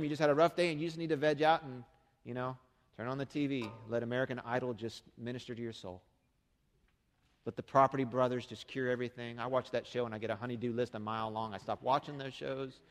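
A man's voice: mid-range voice, steady tone, fast talker, in a large hall. A middle-aged man preaching a sermon as pastor, speaking conversationally and asking the congregation rhetorical questions. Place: church sanctuary.

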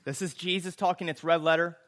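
Male pastor, bright tone, emphatic repetitive sermon delivery that rises to loud impassioned peaks. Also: fairly high pitch, fairly even intonation, a little fast. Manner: preaching, swells to loud impassioned climaxes.

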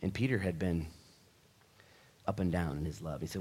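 Lower-voiced pastor preaching animatedly. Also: male voice, moderate pace, slightly rough. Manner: animated storytelling, acts out quotes. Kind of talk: sermon. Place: church.

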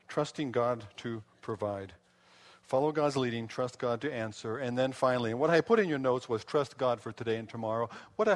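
A male pastor preaching a sermon, building to loud emphatic peaks and dropping to hushed, intense passages. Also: medium pitch.

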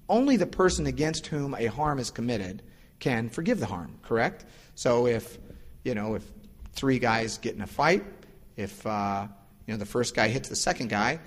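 A male pastor giving a casual, explanatory sermon. He acts out the voices of the people in his stories. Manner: casual and explanatory, acts out quoted voices with lively pitch jumps. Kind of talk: conversational sermon. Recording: long reverb of a large hall.

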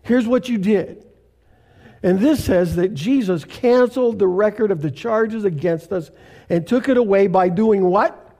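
An older man from Canada, a pastor preaching a sermon in a slow, deliberate way with emphatic pauses. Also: sits high, mellow.

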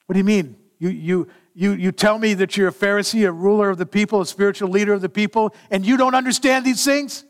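A man's voice: sits high, quick pace, hardly any pauses, pitched above the performer's own voice, lightly acted. A man preaching acts out a male teacher asking incredulous, teasing questions of a student.

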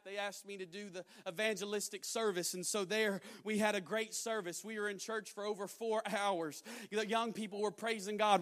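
A young man preaching a sermon, telling a story and building to loud, emphatic exhortation. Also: high voice.

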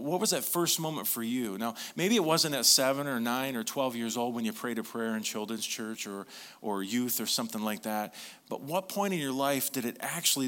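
A man preaching a sermon, conversational and animated, who drops soft and low for emphasis. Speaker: pastor.

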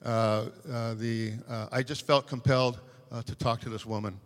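A personal evangelist shares a story as casual testimony in a panel discussion, full of fillers and restarts. His mid-range voice is steady at normal speed, and the recording has a long hall reverb.

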